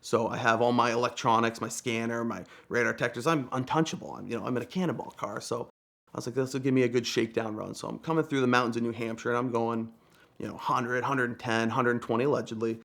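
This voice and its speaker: A man's voice: medium pitch, steady tone, quick pace, vocal fry, fairly bright tone. A young man from Vermont telling a casual, chatty, self-deprecating story as a guest storyteller.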